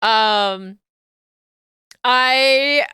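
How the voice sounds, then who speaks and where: A woman streamer in casual chat, laughing often and reading messages from chat aloud, with a naturally high voice. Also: extremely slow, pushed and bright, clean tone, no echo, clean studio sound. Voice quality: high natural register, finds low voices hard.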